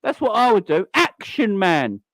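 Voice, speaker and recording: Man, angry football rant, sweary and mocking, swooping pitch. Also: very animated, measured pace, a bit bright, dry recording. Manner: sweary, mocking, mimics people. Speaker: football channel host.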